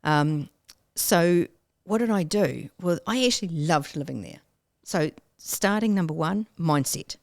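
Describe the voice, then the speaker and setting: A woman, a guest telling her story in a casual interview, animated and acting out her own past self with sudden squeals and whispers. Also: on the low side, unhurried, few pauses, dry recording, clean studio sound.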